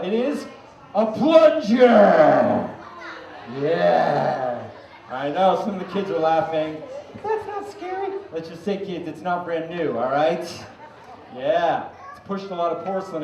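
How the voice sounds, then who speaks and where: A man's voice: a little high, darkish tone, a little hiss or hum. A man from Maine doing a comedic juggling act for a fair crowd, teasing the audience and mocking himself. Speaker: juggling street performer. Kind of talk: comedic stage patter to a crowd. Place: outdoor fair stage. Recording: roomy, distant, muffled outdoor recording with faint ambience.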